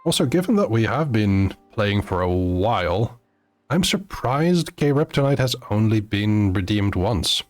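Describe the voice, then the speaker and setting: A man chatting to viewers on a live game stream, halting often with fillers and restarts. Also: lowish voice, very animated, soft background music. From Netherlands. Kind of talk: live gameplay stream chat.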